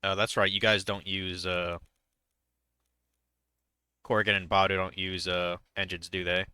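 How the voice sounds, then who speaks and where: A man's voice: deep voice, level tone, unhurried, pushed and bright, smooth, dry recording, studio quality. A young man streaming a game, chatting casually in a rambling, hesitant way with many fillers. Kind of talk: casual chat while gaming.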